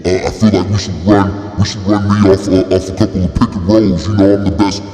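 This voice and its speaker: A man voicing a male basketball player who fakes a deep voice, halting and full of fillers. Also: level tone, mellow, echoey room, long reverb tail, faint music behind, natural voice. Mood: mumbling. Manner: halting, filler-heavy, slow.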